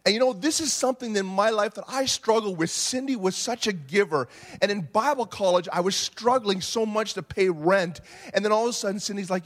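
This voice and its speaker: A man preaching a sermon, animated, swinging from quiet reflection to shouting. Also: sits high, brisk. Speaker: pastor.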